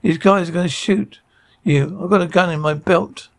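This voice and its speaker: A man's voice: high voice, steady tone, normal speed. An actor playing a tense, armed man in a TV crime drama, talking in urgent commands.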